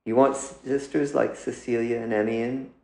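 A man's voice: mid-range voice, level tone, normal speed, vocal fry, warm tone, reverberant, pitched above the performer's own voice, natural voice. A man voicing an anxious, peevish middle-aged mother who turns pleading and defensive, read out in a story.

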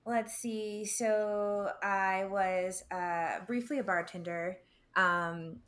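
An American woman in easy podcast chat, her voice at an ordinary middle pitch. She tells her story in loose bits, full of fillers and little laughs. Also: fairly even intonation, drawn-out words, fairly bright tone. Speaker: podcast guest. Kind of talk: casual chat.

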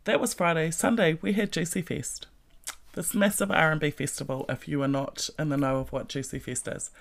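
A woman's voice: sits low, brisk. A woman in her forties telling a story in a casual vlog, swearing freely and often breaking into laughter. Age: 40s. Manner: profane, laughing, animated storytelling. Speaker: vlogger.

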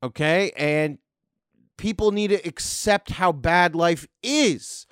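A man's voice: a little high, takes it slowly, fairly bright tone, clear, resonant tone, no room sound, clean studio sound. Profane, sarcastic man ranting. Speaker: podcast host. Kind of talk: comedic rant monologue.

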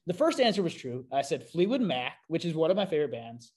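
A man hosting a podcast, telling a self-deprecating story in a casual, animated way with frequent fillers. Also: on the high side, fast. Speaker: podcast host.

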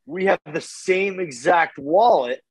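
A man telling a story casually as a podcast guest, animated, with his voice jumping up when he gets excited and swearing freely. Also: high-pitched, takes it slowly, slightly rough, no room sound, poor audio.

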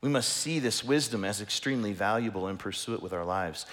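A middle-aged man preaching a sermon as pastor, passionate and emphatic, often lifting his voice close to a shout. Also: lowish voice, fairly quick.

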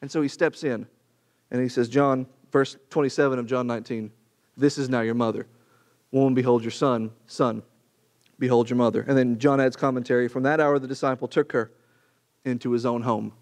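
A man's voice: mid-range voice, fairly even intonation, brisk, a little mellow. A man preaching a Bible class in an earnest, conversational way, with rhetorical questions and repetition. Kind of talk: sermon-style Bible class.

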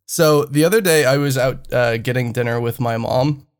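A man's voice: mid-range voice, moderate pace, clean tone. A young man on a podcast telling a story in casual chat, rambling and hesitant with many fillers. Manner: rambling, hesitant, laughs through his own story. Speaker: podcast co-host.

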